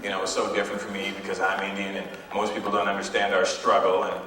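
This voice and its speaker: A brash, self-mocking stand-up comedian from Canada, working the stage in a hot hall. His voice rings with a heavy echo and sounds distant from the mic. Loud hiss from an old tape runs underneath. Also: sits low, monotone, fast talker. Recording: echoey hall from far off, noisy old tape.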